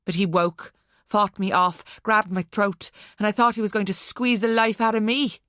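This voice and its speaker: A woman voicing an unhinged young woman who talks about murder with a mocking calm. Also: medium pitch, moderate pace, no echo, studio quality, close to an everyday voice. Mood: bitter confession. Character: unhinged young Irish woman, cold and menacing.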